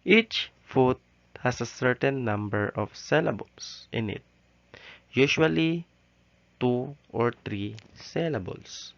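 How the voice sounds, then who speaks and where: Slow, halting male teacher. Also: mid-range voice, animated, vocal fry. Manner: slow, halting delivery with frequent "okay" and "so". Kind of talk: recorded class lesson. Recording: dull, lo-fi recording.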